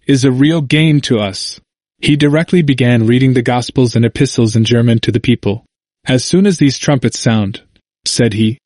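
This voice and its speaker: A man reading a history book aloud as scripted narration, measured and steady, lifting his voice for quoted speech. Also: mid-range voice, dry recording, clean studio sound. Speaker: audiobook narrator.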